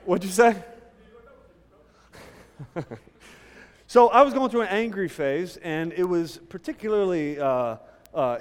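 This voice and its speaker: High-voiced pastor preaching in an echoing hall. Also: male voice. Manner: conversational, animated storytelling with the congregation. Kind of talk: sermon. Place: church sanctuary.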